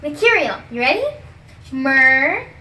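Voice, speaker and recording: A young woman in a comedy sketch, playing a teacher who spells out words slowly with exaggerated patience. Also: high-pitched, big pitch swings, roomy sound, background noise. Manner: exaggerated, patient-then-exasperated teacher delivery, stretches out words.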